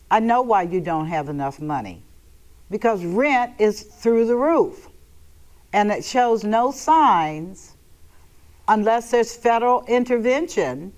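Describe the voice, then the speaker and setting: A woman leads a televised money class and talks straight to her viewers. Her delivery is blunt and emphatic, with theatrical flourishes. She speaks slowly and deliberately, at a middling pitch. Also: darkish tone. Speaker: host giving a financial seminar. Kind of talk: televised financial lecture.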